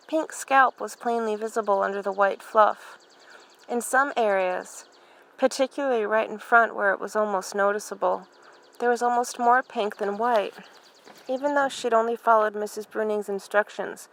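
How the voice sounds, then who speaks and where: A woman's voice: mid-range voice, creaky, a bit bright, poor audio. Woman reading a novel aloud. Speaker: library reader.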